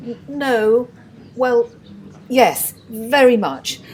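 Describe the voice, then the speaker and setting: A woman's voice: on the high side, expressive, extremely slow, a little mellow, slight background noise, rough recording. An amateur actress playing a timid young female assistant stage manager, hesitant and apologetic. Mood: anxious.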